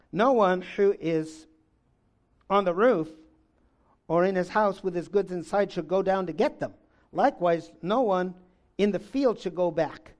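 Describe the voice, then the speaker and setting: High-voiced animated male preacher. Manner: animated, shifts from loud exclamations to low intensity. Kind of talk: sermon with scripture reading.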